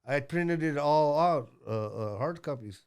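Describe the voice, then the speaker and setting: A man's voice: on the high side, animated, a little slow, darkish tone, smooth. A man in his sixties telling a rambling story as a guest, blunt and profane, with lots of fillers and restarts. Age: 60s.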